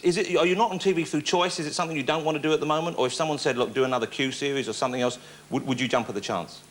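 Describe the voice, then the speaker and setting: A man's voice: fairly high pitch, fairly even intonation, rapid-fire. A man hosting a television talk show, putting chatty, eager questions to his guest. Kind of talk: television interview. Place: television studio with live audience. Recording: noisy studio with audience. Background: audience laughter and chatter.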